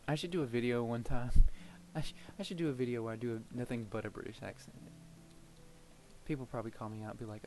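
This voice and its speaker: Here's a man with a mid-range, steady, slightly mellow voice, speaking fast. He's a gameplay video creator chatting loosely over his own footage and drifting between stories, with plenty of fillers and laughs.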